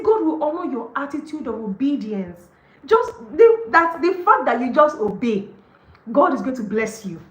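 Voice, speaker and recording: A woman, on the higher side in pitch, hosts a devotional book study. She reads a passage and then gushes over it, with plenty of laughs and fillers like "like" and "okay". Her voice rings in an echoey room. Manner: gushing and excited, often laughs, leans on "like" and "okay". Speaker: host of a book study session. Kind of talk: livestreamed devotional book reading and commentary.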